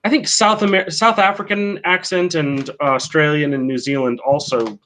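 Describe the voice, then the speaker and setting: A man's voice: fairly high pitch, steady tone, normal speed, fairly bright tone. Man explaining pronunciation. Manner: clear explaining, frequent "right?" checks. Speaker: co-host of a live English-learning stream. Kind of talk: casual teaching chat.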